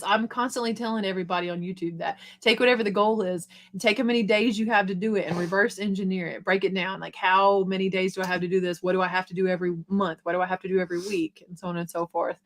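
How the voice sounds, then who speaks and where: A middle-aged woman hosting a live stream, chatting casually and quickly, reading viewer comments and encouraging them. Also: mid-range voice, steady tone. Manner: fast-talking, upbeat and encouraging.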